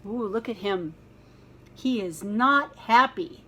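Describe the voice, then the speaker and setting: A woman reading a children's picture book aloud, with gentle, chatty asides to young listeners. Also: medium pitch, lively intonation, slow, slight background noise.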